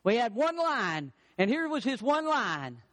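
A man's voice: extremely high pitch, sing-song, unhurried, fairly bright tone, big-room sound. A male pastor delivering a sermon, building emphatic repeated lines and acting out the quotes he tells. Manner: preaching with rising emphatic lines and acted-out quotes.

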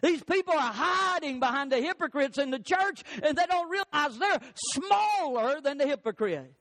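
A pastor with a very high voice delivers an emphatic sermon. He climbs on his questions and drops low and soft on key phrases. The sound is close and dry, with no room echo. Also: animated, normal speed. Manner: emphatic preaching, rising on questions and dropping low on key words. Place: church.

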